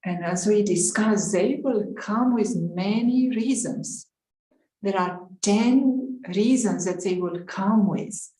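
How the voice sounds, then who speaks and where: Woman, spiritual talk, slow and earnest, warm low voice, roomy echo. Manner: earnest, measured, with uh and um fillers. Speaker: spiritual teacher.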